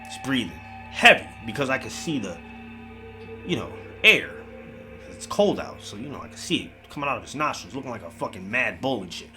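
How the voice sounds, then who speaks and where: A man's voice: medium pitch, a little fast, soft background music. A man telling a scary story in a casual, profane way, swearing often and acting out the scenes. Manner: animated, swears constantly, acts out the scenes. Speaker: horror storyteller.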